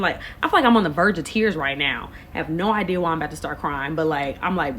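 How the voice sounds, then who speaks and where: A woman in her late twenties telling a storytime to camera, animated and expressive, full of slang. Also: lowish voice, normal speed, hardly any pauses, background noise. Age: late 20s. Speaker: vlogger. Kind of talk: casual storytime.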